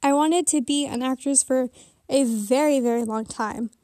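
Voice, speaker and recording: A high-voiced teenage girl rambles casually with giggly asides, a little winded. She talks from under a blanket, so the sound is close and dead dry. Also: normal speed, dark tone, no echo. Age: teens. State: slightly out of breath.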